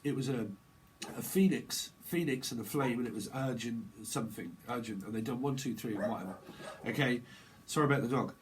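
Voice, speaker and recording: A man rambles through a live tarot reading in a casual, slangy way, repeating himself as ideas tumble out. His pitch sits in an ordinary middle range. A faint ambient hum sits behind his voice. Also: brisk. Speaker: tarot reader.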